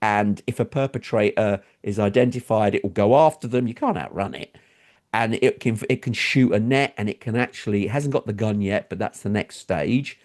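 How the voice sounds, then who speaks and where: A man co-hosting a casual podcast discussion, talking expressively about technology. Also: moderate pace. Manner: expressive, swings his pitch up and down. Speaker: co-host.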